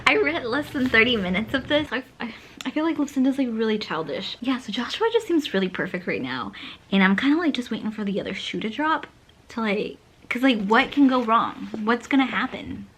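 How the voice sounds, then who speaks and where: A woman's voice: on the high side, expressive, brisk, a bit bright, slight background noise. A young woman chatting casually in a reading vlog from her bedroom, rambling and saying "like" a lot. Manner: chatty, rambling, fills speech with "like". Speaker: book vlogger.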